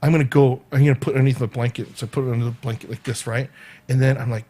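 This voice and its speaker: Rapid-fire and mid-range in pitch, a vlogger from California spins a story in a casual video. He stays animated throughout, laughing a lot and performing other people's quoted lines.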